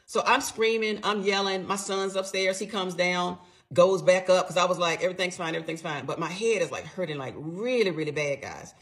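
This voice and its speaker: Speaking at a normal speed in a lowish voice, this middle-aged woman recounts something that happened to her in an offhand monologue. The retelling is lively and forceful, blunt, and peppered with profanity.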